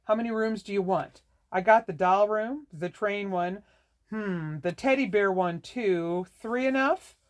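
A reader voicing a rude, sneering middle-aged woman who runs an inn, raised in pitch. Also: a little slow, lightly acted. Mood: curt. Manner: curt, scornful.

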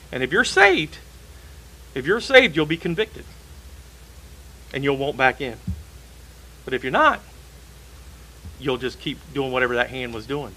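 A man's voice: medium pitch, lively intonation, measured pace, long pauses, pushed and bright, poor audio. A man preaching a sermon in a church, emphatic and repeating key phrases for stress.

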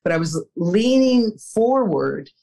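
A woman's voice: medium pitch, big pitch swings, slow, vocal fry, mellow, low-quality recording. An older woman answering interview questions, telling personal stories in an earnest way, with small laughs and restarts. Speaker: interview guest, former executive.

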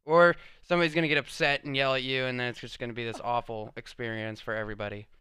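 Young man, podcast co-host, animated storyteller, bright voice, clear tone, dry sound. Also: mid-range voice, fast talker, no room sound. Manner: animated storyteller, acts out quotes. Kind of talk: casual chat.

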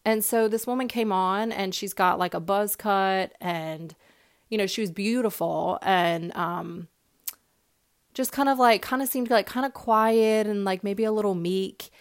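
A young woman hosts a podcast, telling a personal story in a heartfelt, casual way, full of fillers and repeated words. Her voice sits at medium pitch, with a measured pace and a clean tone.

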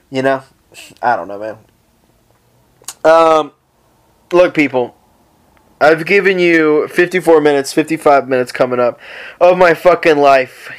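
A man's voice: fairly high pitch, unhurried, pauses often. A man hosting his own podcast, ranting profanely and rambling comically while lying down at home. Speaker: podcast host. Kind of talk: casual solo podcast rant.

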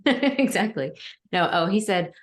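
A woman's voice: mid-range voice, lively intonation, takes it slowly. A woman chatting as a podcast guest, talking casually and laughing often as she acts out family moments. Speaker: guest author.

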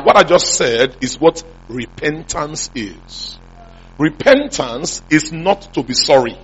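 Husky preaching man. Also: on the high side, sharp tone. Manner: call-and-response preaching, repeated questions to the congregation. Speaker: pastor. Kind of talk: sermon. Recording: muffled lo-fi sound.

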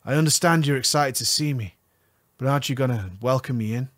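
A man's voice: mid-range voice, brisk, a bit bright, no room sound, clean studio sound, natural voice. A man doing a laid-back young suitor. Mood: teasing. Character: smooth young man visiting his online love.

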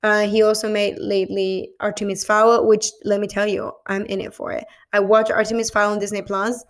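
A woman's voice: mid-range voice, little pitch movement, brisk. A woman hosting a podcast solo, chatting casually about a film, rambling with frequent ums and self-corrections and casual swearing. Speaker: podcast host.

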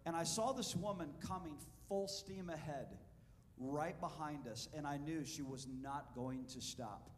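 Animated preacher man in an echoing hall. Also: a little high, measured pace, a little hiss or hum. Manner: animated, asks the congregation questions. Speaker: pastor. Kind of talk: sermon with storytelling. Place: church sanctuary.

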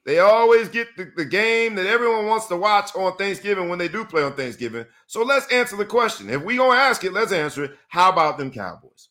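Man, sports talk host, lively pitch, bright tone, emphatic. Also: brisk, few pauses. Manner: animated, emphatic, repeats phrases for effect.

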